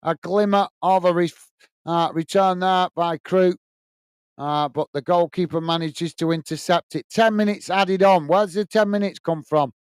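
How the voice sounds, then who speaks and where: A man with a high, smooth and clear voice hosts a live football watch-along in a dry, close sound. He chats in a blunt, opinionated way and answers viewer comments one by one. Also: steady tone, normal speed, no echo. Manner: chatty, reads viewer comments aloud and answers them. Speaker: host.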